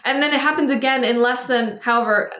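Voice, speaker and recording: A woman with a fairly high voice tells her story in relaxed, casual podcast talk. She slips into little voices to quote what others said. The room around her is echoey. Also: a little fast. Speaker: guest telling her story.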